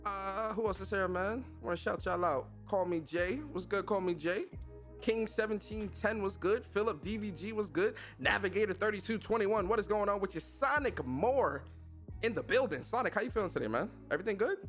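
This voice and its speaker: Slangy, lively male podcast host. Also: high voice, fairly quick, soft background music. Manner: energetic, slangy shout-outs to chat. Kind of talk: casual livestream chat.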